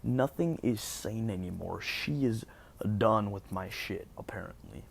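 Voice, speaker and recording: Gravelly young man telling a story. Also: on the low side, a little slow. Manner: animated, profane, rambling with fillers. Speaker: vlogger. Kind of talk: casual storytime, recounting an incident.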